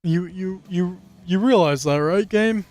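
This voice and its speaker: A man giving casual, profane commentary over a racing game, rambling and ranting with animated outbursts. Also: sits high, a little slow. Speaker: gaming commentator. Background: game music and car engines.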